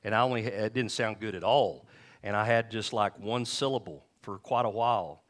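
A middle-aged man preaching from the pulpit in a somewhat low voice. He tells his stories conversationally, acting out the quoted voices and swinging between loud and soft. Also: moderate pace. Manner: storytelling, acts out quotes with shifting pitch and volume. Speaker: pastor. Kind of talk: sermon.

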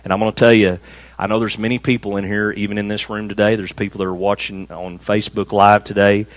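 A man preaching a conversational sermon to a small church room, slowing down to stress key phrases. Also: fairly low pitch, little pitch movement, dry recording, low-quality recording. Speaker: pastor.

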